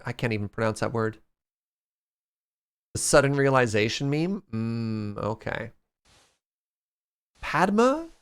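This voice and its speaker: A man's voice: medium pitch, clean tone. A man streaming a game live, chatting casually and playfully, reading out and thanking his viewers.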